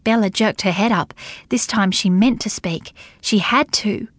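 A woman reading a story aloud as an audiobook narrator, in an even, measured way. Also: mid-range voice, dry recording. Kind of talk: scripted narration.

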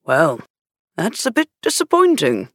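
A woman voicing a kindly retired grandfather with a mild, gentle manner. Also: deep voice, wildly swooping pitch, a little slow, no room sound, studio quality, exaggerated voice.

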